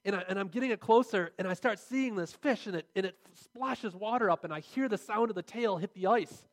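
A man's voice: sits high, a little fast. A man preaching a sermon, earnest and building to emphatic, repeated phrases as he drives his points home.

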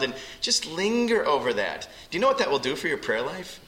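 A man preaching with a bright, forceful voice that rings through a roomy hall. He talks earnestly and emphatically, acting out prayers as he teaches his congregation. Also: fairly high pitch, big pitch swings, brisk, hardly any pauses, a little hiss or hum. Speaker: pastor. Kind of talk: sermon.

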